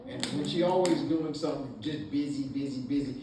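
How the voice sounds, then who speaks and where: Man, hesitant family speech, distant mic, echoey hall. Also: medium pitch. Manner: halting, full of "uh" fillers. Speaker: son giving a birthday tribute. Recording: echoey room, mic far off, noisy.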